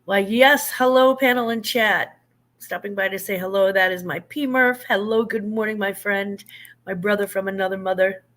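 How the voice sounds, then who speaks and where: A woman's voice: medium pitch, moderate pace, a bit bright. An older woman, a grandmother, hosting a casual live chat. She greets her viewers, laughs easily and stumbles over names. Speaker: livestream host.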